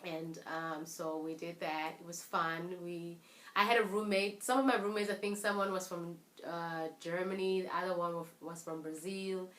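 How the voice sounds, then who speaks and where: A young South African woman with a South African accent, telling a personal story in a chatty, animated vlog and often restarting her sentences. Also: lowish voice, moderate pace, roomy sound. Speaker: vlogger.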